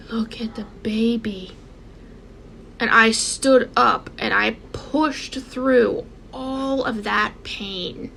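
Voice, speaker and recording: Woman in her thirties, very gravelly, fairly high voice, emotional vlog storytelling, light background noise. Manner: emotional, emphatic, with many repeats. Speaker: vlogger. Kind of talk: personal storytelling to camera.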